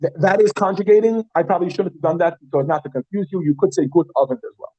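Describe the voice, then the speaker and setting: A man teaching an evening class, with a voice a little higher than most men's. He is chatty and repeats new words slowly, often stopping to ask the room questions. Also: warm tone, muffled recording. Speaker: Yiddish teacher. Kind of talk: classroom lesson.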